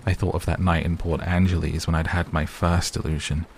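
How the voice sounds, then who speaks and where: A male narrator reads a bedtime story slowly and soothingly. His voice is very deep and gravelly, and a faint patter of rain sits behind him. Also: flat delivery, a little hiss or hum.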